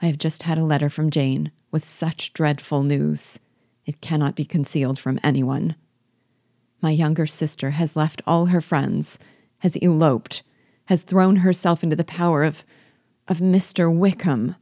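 A woman reading the lines of a distressed young gentlewoman from a classic novel, urgent and anguished, in a low, mellow voice. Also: fairly even intonation, a little slow, no room sound, studio quality.

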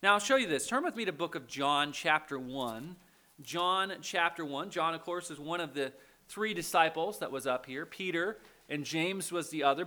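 A man with a high, bright voice preaching a sermon. He keeps it conversational and keeps checking in with the congregation as he walks through the passage. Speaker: pastor.

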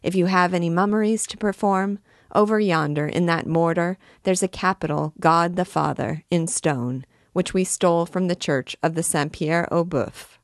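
A woman's voice: fairly low pitch, fairly even intonation, normal speed, dry recording, studio quality, natural voice. A woman voicing a haughty, savage male beggar king who speaks in a mocking, menacing way while reading a classic novel aloud.

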